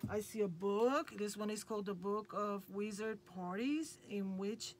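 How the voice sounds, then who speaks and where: Slow-talking, gushing woman. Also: mid-range voice. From Puerto Rico. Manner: gushing, enthusiastic. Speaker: craft channel host. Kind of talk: unboxing craft mail. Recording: noticeable background noise.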